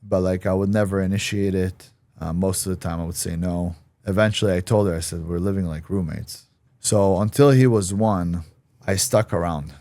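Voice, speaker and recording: A man's voice: deep voice, moderate pace, dark tone, no room sound. A man guest on a podcast, telling a personal story frankly, with some swearing, and acting out what other people said. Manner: frank, profane, acts out quoted voices.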